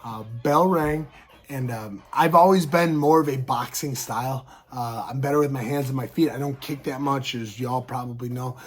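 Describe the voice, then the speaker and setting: A man's voice: mid-range voice, normal speed, breathy edge. A man in his thirties with a scratchy throat, casually telling fight stories to camera and punctuating them with sound effects. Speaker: show host and pro fighter.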